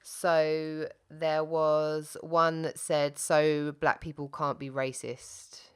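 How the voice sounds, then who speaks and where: A woman's voice: low-pitched, flat delivery, takes it slowly, clean tone. A woman co-hosting a casual podcast, chatty and self-interrupting, often laughing at her own slips. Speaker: podcast co-host.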